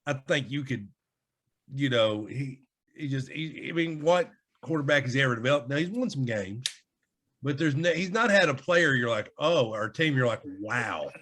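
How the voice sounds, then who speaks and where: Lively man chatting casually. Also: mid-range voice, normal speed. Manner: rambling, animated, laughs often. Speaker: podcast co-host. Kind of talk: casual chat.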